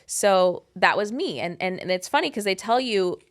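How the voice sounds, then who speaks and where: Animated, candid woman in her thirties. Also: medium pitch, moderate pace. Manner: animated, candid and profane, with many "like" fillers. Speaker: host. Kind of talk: casual storytelling.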